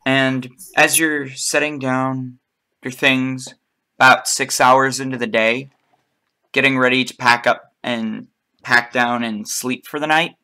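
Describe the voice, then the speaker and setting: A man runs a tabletop game, narrating slowly and pausing to find his words. His voice is bright and forward. He talks at an even, middle pitch. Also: smooth. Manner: unhurried, hesitant narration with restarts. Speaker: game master.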